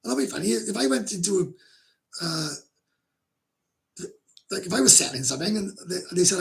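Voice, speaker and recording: Gravelly Welsh man, blunt livestream host. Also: sits high, expressive, a little fast, pauses often. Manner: blunt, swears freely, rambling with frequent laughs. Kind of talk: casual livestream chat, reading comments.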